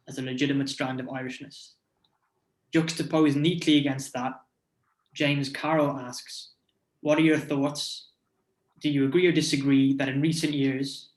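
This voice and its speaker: Male moderator reading out questions, pretty flat delivery, roomy echo. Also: medium pitch.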